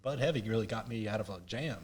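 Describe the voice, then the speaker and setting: A man's voice: on the low side, quick pace. Rambling Southern man telling a story. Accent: Southern American. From North Carolina. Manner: rambling, self-mocking storyteller with restarts. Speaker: podcast guest. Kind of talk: casual storytelling.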